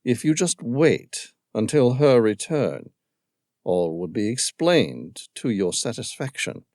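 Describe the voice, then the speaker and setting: A male narrator voicing a dutiful, reserved male footman with a British accent and a monotone drawl. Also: medium pitch, takes it slowly, dry recording, studio quality.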